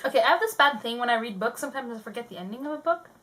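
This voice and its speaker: A woman's voice: on the high side, animated, racing, a bit bright. A young woman co-hosting a book channel, chatting casually and giggling, trailing off with fillers. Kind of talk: casual chat.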